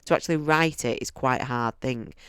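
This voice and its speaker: Man, book reviewer, chatty and enthusiastic; crisp, dry voice. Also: mid-range voice, a little fast, a bit bright, no echo. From United Kingdom. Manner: chatty and enthusiastic, restarts sentences often.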